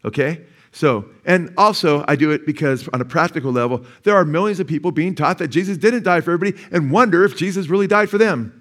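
A pastor aged sixty delivers a church sermon in a slightly high, fairly bright voice at a quick pace. He frequently poses questions to the congregation, waits for them to answer, and repeats key phrases for emphasis.

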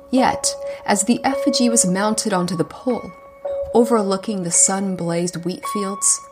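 A woman narrating a scripted folk horror story in a dramatic voice that drops into hushed whispers at times. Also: mid-range voice. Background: music.

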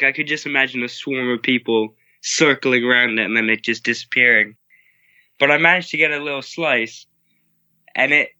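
A young man, the son, recounting a camping trip in a relaxed, wry, casual way. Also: mid-range voice, dry recording, lo-fi sound. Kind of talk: casual storytelling.

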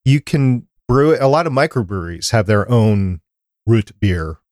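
A man's voice: lowish voice, expressive, moderate pace, a little mellow, no echo, studio quality. A man from Minnesota hosting a fan podcast, chatty and rambling in casual talk. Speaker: podcast host.

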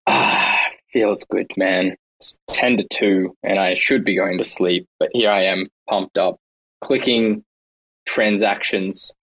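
A man's voice: sits low, expressive, takes it slowly, gravelly, fairly bright tone, breathy edge, poor audio. Jokey guy co-hosting, teasing everyone, playful scolding. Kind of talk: casual chat.

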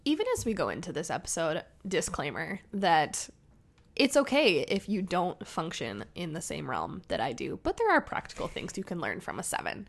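Bubbly, lively-voiced woman guest. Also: on the low side, moderate pace, gravelly. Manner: playful, bubbly, laughs a lot. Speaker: podcast guest. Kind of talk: casual conversational podcast.

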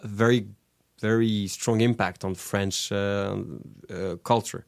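A man with a somewhat low voice and a gravelly edge talks as a guest in an interview. He stops and restarts often while he searches for his words. The sound is dry and close. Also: steady tone, takes it slowly, dry recording. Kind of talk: conversational interview.

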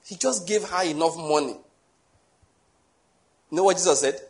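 A middle-aged man preaching with a slightly raised voice. He is animated, fires rhetorical questions at the congregation and acts out little scenes as he goes. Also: fairly high pitch, moderate pace. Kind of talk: sermon.

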